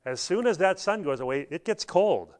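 A middle-aged man preaching a sermon in a church, telling stories and acting out quotes with sudden loud bursts. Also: high voice, expressive, normal speed. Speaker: pastor.

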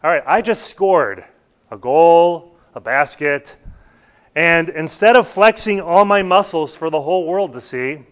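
A man's voice: fairly high pitch, lively intonation, a little slow. Earnest man teaching a Bible class. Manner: earnest, questioning the group.

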